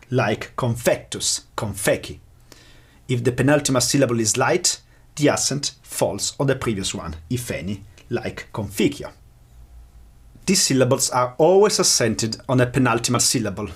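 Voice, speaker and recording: A man lecturing in a measured, explanatory way, slowing down to pronounce example words. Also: mid-range voice, breathy edge. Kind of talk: academic lecture.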